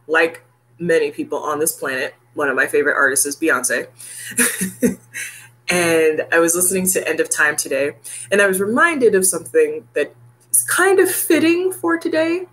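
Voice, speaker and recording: A vlogger in her thirties chats casually to the camera, speaking to her viewers in a heartfelt way and laughing often. Her voice sits low but has a fairly bright tone.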